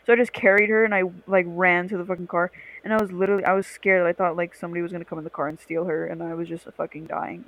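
A woman's voice: fairly low pitch, flat delivery, racing, fairly bright tone, poor audio. A young woman chatting casually with friends, blunt and swearing often. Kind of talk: casual chat.

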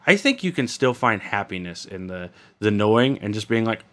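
Podcast co-host, young man, rambling and profane, bright edgy tone. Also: on the low side, sing-song, normal speed. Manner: rambling, swears a lot, many fillers. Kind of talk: casual crude banter.

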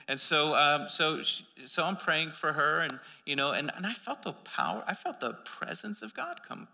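A man delivers a sermon in a loose, rambling storytelling way, often restarting his sentences. His voice is gravelly and very bright, with a sharp edge. It carries a long reverb from a large hall. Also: on the high side, expressive, moderate pace, few pauses. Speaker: preacher.

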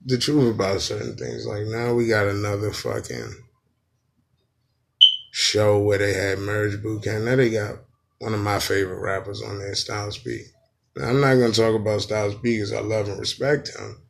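A man's voice: lowish voice, normal speed, creaky. A man hosting a podcast in a casual comedic rant, profane and playful, often breaking into sung imitations. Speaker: podcast host.

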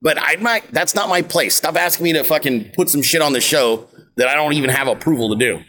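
A man's voice: a little high, fairly quick, sharp tone. A man in his thirties hosting a political show, ranting casually outdoors in a brash, mocking way with heavy swearing. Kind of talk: profane casual livestream rant. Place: outdoors on vacation, windy.

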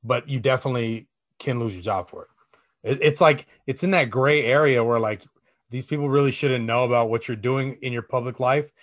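Co-hosting a relaxed podcast, a young man talks fairly quickly at a medium pitch. He spins long, meandering stories, swearing freely and leaning on lots of fillers.

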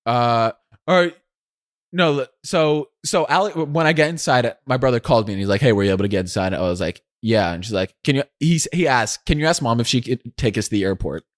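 A young man co-hosting a podcast and telling a story in an easy, casual way, now and then slipping into other people's voices. His voice sits at an ordinary pitch and is recorded dry and close to the mic. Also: animated, a little fast, dry recording. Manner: storytelling, acts out family members' lines. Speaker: co-host.

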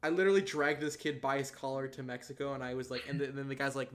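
A young man in his late teens co-hosting a podcast, telling rambling, profane stories in casual chat with loud bursts of laughter. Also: mid-range voice, fairly even intonation, racing, hardly any pauses. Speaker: podcast co-host.

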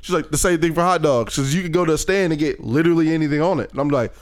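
A man's voice: on the high side, very fast. A man telling crude jokes and stories in a loose group chat, profane and laughing often. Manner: loud, profane storyteller who laughs often.

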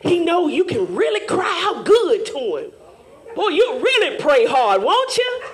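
A woman teaching Sunday school in a fervent, call-and-response preaching manner, rising at times to shouts. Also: extremely high pitch, sing-song, unhurried, background noise.

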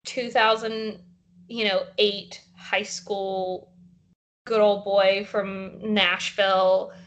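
A woman's voice: mid-range voice, level tone, drawn-out words, fairly bright tone, slight background noise. A young woman co-hosting a podcast, chatty and giggly, with lots of "like". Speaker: podcast co-host. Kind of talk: casual chat.

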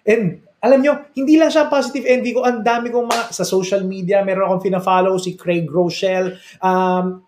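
A man with a Filipino accent preaching in an energetic, rhetorical sermon style, checking in with his listeners and repeating his key lines for emphasis. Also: high voice. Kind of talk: sermon-style motivational talk. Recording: roomy echo.

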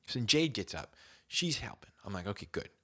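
Animated, slangy young man telling a story. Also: medium pitch, moderate pace, breathy edge. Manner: animated, slangy, acts out moments with whispers and shouts. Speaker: podcast host. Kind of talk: casual storytelling monologue.

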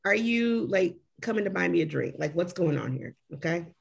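Woman co-host spinning a story with acted-out quotes; husky tone, lively melody. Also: on the low side, normal speed. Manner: animated, full of "like" and acted quotes. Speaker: podcast co-host. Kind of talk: casual storytelling chat.

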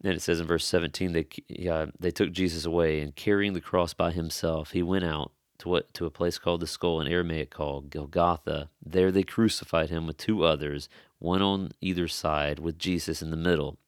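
A man's voice: low voice, fairly even intonation, a little fast, no echo, clean studio sound. A man preaching an expository sermon in an earnest, conversational way, stressing key phrases.

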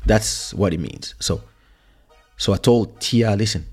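A man's voice: on the low side, a little slow, darkish tone. A man, hosting a podcast and casually telling a story from his music career, repeating and restarting words as he recalls. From France. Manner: reminiscing, frequent word repeats and restarts.

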